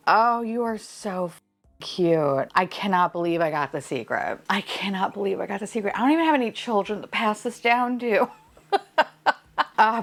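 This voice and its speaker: Young woman doing a casual unboxing vlog, gets all squealy and swears, voice jumps all over. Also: mid-range voice. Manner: excitable, swears freely, squeals and laughs at finds. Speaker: unboxing vlogger.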